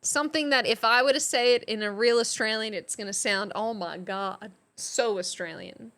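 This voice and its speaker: A young woman streaming live, hosting a playful mock class in a casual chatty way, laughing often and exclaiming with excitement. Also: on the high side, moderate pace.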